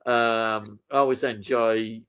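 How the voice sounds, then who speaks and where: A man's voice: lowish voice, steady tone, takes it slowly, a bit bright, clear, resonant tone. A man co-hosting a casual live stream, reading out viewer comments with lots of ums and easy laughter.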